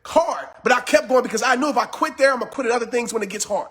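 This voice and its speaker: A man giving a fired-up motivational talk on a live stream, yelling with intense, repetitive, preachy urgency, just after a workout. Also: very high voice, very fast. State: just finished working out. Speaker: motivational speaker.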